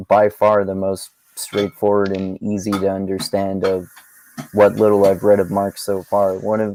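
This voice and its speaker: Low-voiced man, dry close sound. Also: warm tone, dry recording, rough recording. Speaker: podcast co-host. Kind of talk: casual chat.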